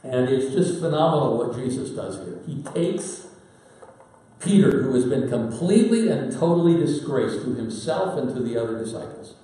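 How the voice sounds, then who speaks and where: A man preaching a sermon in a folksy storytelling manner with dramatic pauses. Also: mid-range voice, lively intonation, mellow. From Pacific Northwest, United States. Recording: very echoey hall, voice from far off.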